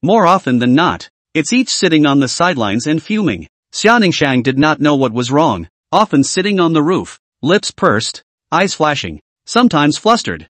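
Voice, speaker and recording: A man narrating a fantasy novel as an audiobook in a steady, scripted storytelling read. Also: fairly high pitch, no room sound.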